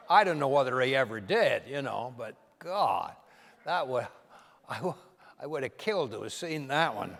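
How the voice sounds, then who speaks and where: An older man, a comedian and impressionist, telling anecdotes to a live audience in a punchy, animated way. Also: on the high side, creaky. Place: large event hall. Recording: long hall reverb.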